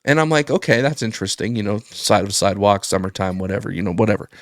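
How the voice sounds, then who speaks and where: A man telling a rambling, profane story in casual podcast chat, getting animated when he quotes people. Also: fairly low pitch, quick pace, no room sound, clean studio sound. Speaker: podcast guest.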